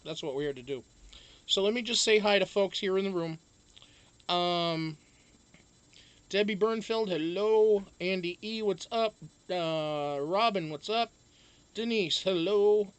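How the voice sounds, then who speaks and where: A man's voice: sits high, measured pace, pauses often, smooth. A man hosting a casual live stream, chatting loosely, greeting viewers one by one and swearing freely.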